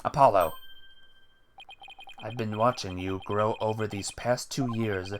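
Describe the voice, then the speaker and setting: A man playing a calm, reassuring mentor. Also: fairly low pitch, noisy background, close to an everyday voice. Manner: calm, steady, measured. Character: calm older male mentor lawyer, reassuring.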